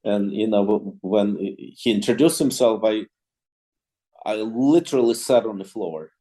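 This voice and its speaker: A man's voice: lowish voice, a little slow, warm tone. A man, a clarinetist, telling an anecdote in an interview, with frequent restarts and quoted dialogue. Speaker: clarinetist guest. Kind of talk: storytelling in an interview.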